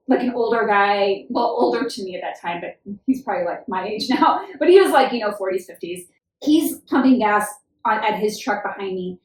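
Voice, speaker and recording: Exclaiming woman podcast host. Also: mid-range voice. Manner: reactive, exclaiming, laughs often. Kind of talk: casual interview chat. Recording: echoey room, distant mic.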